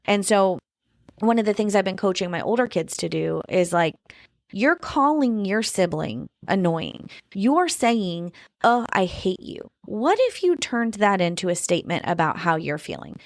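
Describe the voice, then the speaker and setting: A woman's voice: mid-range voice, sing-song, normal speed, no room sound, studio quality. A woman in her thirties hosting a parenting podcast, talking casually and filling her speech with "you know" and "like". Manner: chatty, frequent fillers like "you know" and "like". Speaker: podcast host. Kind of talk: casual conversational interview.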